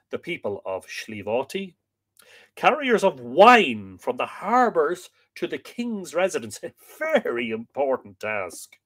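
An Irish man hosts a relaxed live stream, reading passages from an old history book aloud. He is sleepy and yawning, trips over difficult names and breaks off to greet viewers with easy jokes. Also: a little high. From Ireland. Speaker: livestream host reading aloud.

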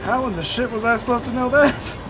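A man giving casual let's-play commentary, excitable and jokey, swearing and laughing often. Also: very high-pitched, a little fast. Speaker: gameplay streamer. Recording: faint game music behind.

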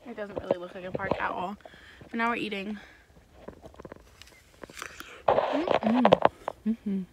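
A woman's voice: mid-range voice, fairly even intonation, moderate pace, dull audio. A young woman vlogging outdoors in a city, chatty and often giggling. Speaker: travel vlogger. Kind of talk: casual vlog chat. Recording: loud outdoor noise.

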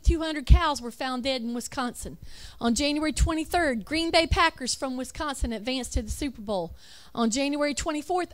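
A woman giving an emphatic religious talk over slides, with rhetorical questions and self-corrections. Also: high-pitched. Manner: reads lists aloud, self-correcting. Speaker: religious speaker.

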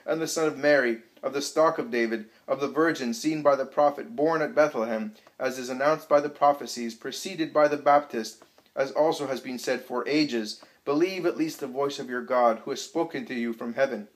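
A man's voice: mid-range voice, level tone, normal speed, lightly acted, low-quality recording. Jesus, a man voicing a solemn preacher. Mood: declaiming. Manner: solemn, declaiming. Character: solemn commanding male preacher, grown man.

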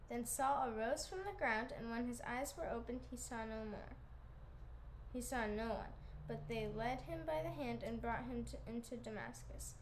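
A woman with a slightly higher voice reads a scripture passage aloud. She keeps the reading steady and measured. A faint hiss of noise sits behind her voice. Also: poor audio.

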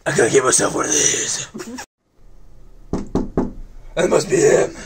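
A man voicing a shrieking, melodramatic male superhero who is bossy and whiny, with hammy yelling and wailing outbursts in a comedy skit. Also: mid-range voice, unhurried, noisy background, pitched below the performer's own voice, lightly acted. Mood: pompous. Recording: roomy, distant-mic home recording.

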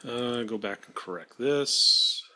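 A man teaching math, talking through a screen-recorded software demonstration and correcting his slips aloud as he works. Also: mid-range voice, slow. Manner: thinking aloud while working, self-correcting.

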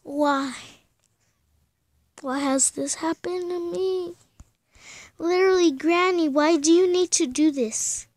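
A woman's voice: very high voice, slow, pauses often, a little mellow, no room sound. A young woman commenting on a horror game from her bedroom, pleading and often dropping to a scared whisper. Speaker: gamer. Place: bedroom at home.

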